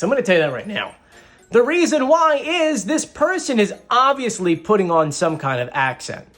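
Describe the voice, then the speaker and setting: A man hosting a casual video, chatting excitedly and a little boastfully to his viewers. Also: high-pitched. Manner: excitable and animated, playfully boastful. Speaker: video host breaking down a TV singing show. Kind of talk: casual chatty commentary to camera.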